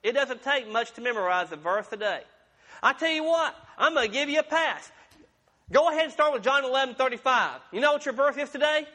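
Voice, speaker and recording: A man's voice: very high-pitched, a little fast, bright, forceful tone. A man pastor preaching a sermon in a folksy, conversational way with humorous asides, in a church sanctuary. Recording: long reverb of a large room.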